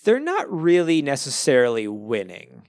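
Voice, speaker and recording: A man's voice: mid-range voice, wildly swooping pitch, normal speed, darkish tone, no echo. A man co-hosting a casual book podcast, rambling and full of fillers. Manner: rambling, lots of "like" and restarts, laughs now and then. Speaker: podcast co-host discussing a book. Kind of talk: casual chat.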